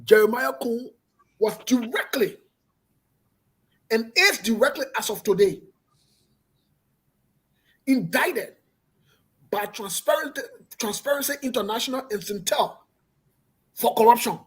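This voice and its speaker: A man's voice: very high voice, unhurried, long pauses, a bit bright, slightly rough. A man hosting a political talk show, speaking emphatically and repeating himself for effect. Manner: emphatic, repetitive, pointed.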